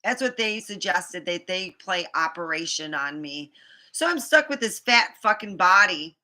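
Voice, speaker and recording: A woman's voice: lowish voice, lively intonation, unhurried, pushed and bright. A woman vlogger ranting to the camera, frustrated, rambling and swearing often. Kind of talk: venting to camera.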